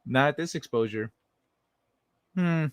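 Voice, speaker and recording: A man's voice: fairly high pitch, expressive, unhurried, clean tone, dry recording. A young adult man hosting a late-night livestream, chatting casually and reading viewer messages, loose and profane, rambling with many restarts. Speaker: livestream host.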